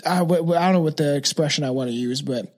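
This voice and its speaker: Man, podcast host, high voice, casual, rambling, searching for words. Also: fast. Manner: rambling, many fillers and restarts. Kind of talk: casual true crime podcast chat.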